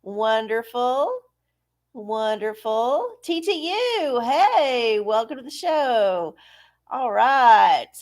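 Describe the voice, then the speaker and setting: A woman's voice: fairly high pitch, expressive, extremely slow, a little mellow. Breezy woman hosting a livestream. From Texas. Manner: breezy, cussing, folksy, greeting viewers. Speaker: livestream tarot host. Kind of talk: casual live-stream chat.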